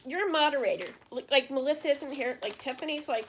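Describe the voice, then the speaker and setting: A middle-aged woman hosts a relaxed livestream, reading out viewers' questions and answering them at length. Her voice sits a little on the high side. She rambles through fillers and restarts and speaks openly about her feelings. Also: fast talker, slight background noise. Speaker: livestream host. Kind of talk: casual livestream chat answering viewer comments.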